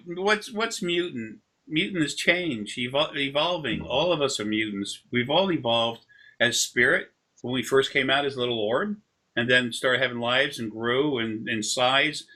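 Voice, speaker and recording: A man's voice: mid-range voice, bright, forceful tone. A man working as an energy healer, explaining things casually over a video call and drifting into long, rambling anecdotes. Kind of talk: casual explanation during a session.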